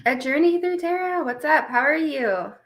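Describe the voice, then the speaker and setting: A woman's voice: sits high, expressive, moderate pace, fairly bright tone. A young woman recovering from surgery, chatting casually on a live stream, greeting viewers by name and laughing often.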